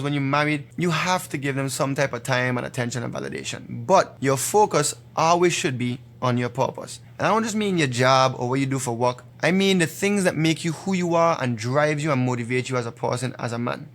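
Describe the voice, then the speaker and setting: A quick, emphatic man lectures straight to camera about dating. His voice sits a little high for a man, and he hammers his points home with repetition. He talks in a fast stream of blunt advice. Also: a bit bright. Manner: emphatic, repetitive, retells a joke with acted voices. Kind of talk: direct-to-camera advice monologue.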